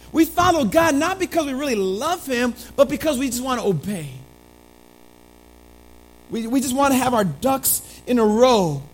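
A pastor preaching a sermon, calling listeners family, moving between quiet, slow lines and emphatic ones, with playful asides. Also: high-pitched, low-quality recording. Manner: animated, swinging between hushed and emphatic delivery.

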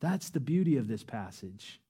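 A man preaching a sermon, earnest and emphatic, his voice rising to loud peaks. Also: medium pitch, very animated, moderate pace, breathy edge. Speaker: pastor.

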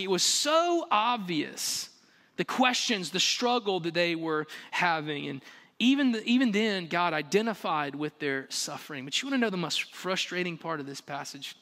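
Bright high-voiced pastor preaching in a hall. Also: male voice, moderate pace. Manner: animated, rhetorical questions, acts out quotes with humor. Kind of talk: sermon. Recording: long reverb of a large hall.

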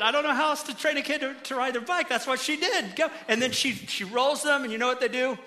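High, bright-voiced male pastor preaching. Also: fast talker. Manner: animated, swings between soft emphasis and loud bursts. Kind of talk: sermon. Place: church auditorium.

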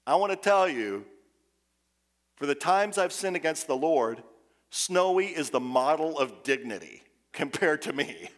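A pastor preaches an impassioned sermon, swinging between hushed, quiet passages and loud, urgent ones. His voice is on the high side, sing-song, and unhurried.

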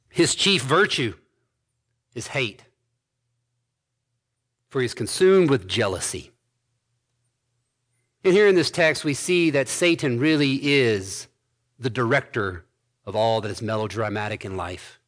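A man preaching an expository sermon, building to emphatic points with quick asides. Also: mid-range voice, fairly bright tone. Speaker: pastor.

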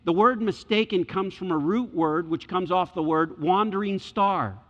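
A man preaching a sermon, animated, acting out quoted voices and climbing high when excited. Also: normal speed, hardly any pauses. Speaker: pastor. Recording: dull sound with long hall reverb.

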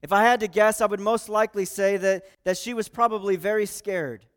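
A man's voice: high-pitched, steady tone, fairly quick. A man preaching a sermon, explaining scripture in an earnest, conversational way. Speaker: pastor. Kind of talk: expository sermon.

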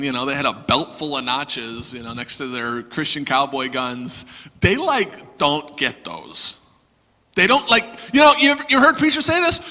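A man's voice: mid-range voice, in a large hall. A man preaching a sermon, telling self-deprecating stories with lots of humor. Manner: animated, self-deprecating storyteller. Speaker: pastor.

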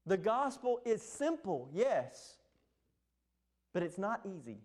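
A man's voice: sits high, sing-song, takes it slowly, darkish tone. A man, preaching a sermon in an impassioned, emphatic way. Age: 20s. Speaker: pastor.

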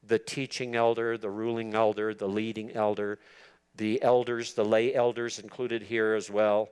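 A man's voice: lowish voice, little pitch movement, moderate pace, a little mellow, smooth. A man giving an expository sermon to church leaders, earnest and emphatic, repeating words for stress. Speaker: preacher teaching church leaders.

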